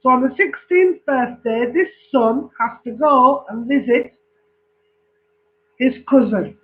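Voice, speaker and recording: A man telling a long joke casually, repeating himself and checking that his listeners follow. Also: very high voice. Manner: slow, repetitive storytelling with check-ins. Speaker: joke teller. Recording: tinny phone-like recording.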